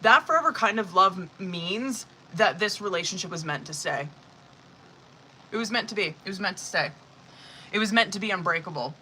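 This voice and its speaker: A woman hosting a live tarot reading. Her voice is very bright and sharp at a middle pitch. She talks in a loose, rambling way, full of fillers and swearing, with emphatic, exasperated asides. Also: a little hiss or hum, poor audio. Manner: casual, profane, rambling with many fillers. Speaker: tarot reader.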